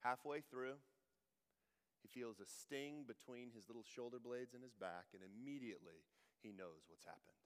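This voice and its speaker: A man's voice: mid-range voice, fairly bright tone, clean tone, big-room sound. A man preaching a sermon as a pastor, conversational and joking in asides.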